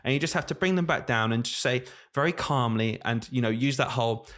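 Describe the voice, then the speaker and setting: Twenties guy, teacher on a podcast, talks fast and does little voices for the kids he's quoting. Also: medium pitch. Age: 20s. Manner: animated storytelling, acts out quotes. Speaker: podcast co-host, primary teacher. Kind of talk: casual chat.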